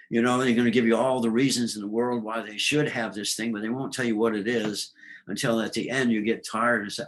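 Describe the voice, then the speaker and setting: A man's voice: fairly low pitch, steady tone, brisk, poor audio. A man talking about astrology as a guest, in a loose storytelling way with many fillers. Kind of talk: casual explanatory talk.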